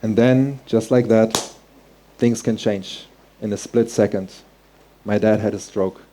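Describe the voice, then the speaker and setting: A man's voice: lowish voice, fairly even intonation, unhurried, mellow, slight background noise. A man telling a personal story on stage, earnest and heartfelt, in vivid present tense. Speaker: speaker.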